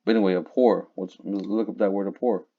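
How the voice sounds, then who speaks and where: A man teaching from scripture in a casual, conversational way, reading verses slowly and looking up words aloud. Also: lowish voice, steady tone, slightly rough. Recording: dull lo-fi recording.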